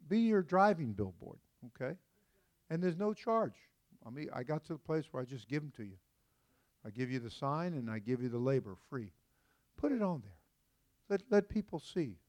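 Folksy joking pastor preaching. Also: male voice, mid-range voice, darkish tone. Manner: folksy, joking asides to the congregation. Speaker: senior pastor. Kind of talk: conversational sermon. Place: church sanctuary.

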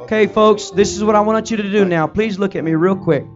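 A man's voice: sits high, a little fast. A male pastor leading his congregation in fervent, repetitive pleading prayer. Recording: dull lo-fi recording with faint music.

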